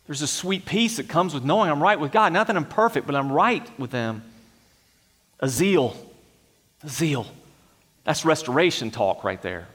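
A man's voice: fairly high pitch, big pitch swings, moderate pace, long pauses, big-room sound. A man preaching a sermon, earnest and emphatic, asking rhetorical questions of his congregation. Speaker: pastor.

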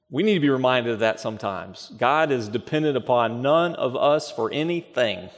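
A man's voice: medium pitch, lively intonation, moderate pace, few pauses. A man preaching a sermon as pastor, emphatic, asking rhetorical questions and repeating phrases. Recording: long reverb of a large hall.

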